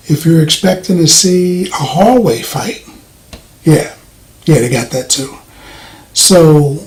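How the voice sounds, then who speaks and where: A soft-spoken man giving a casual movie review, rambling with frequent fillers and restarts. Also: a little high, rough recording. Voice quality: voice does not carry, soft-spoken.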